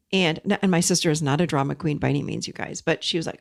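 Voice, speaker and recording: Animated woman sharing a personal story. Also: medium pitch, fast talker. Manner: animated, addresses listeners as "you guys". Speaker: podcast host. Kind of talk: personal storytelling with self-help teaching.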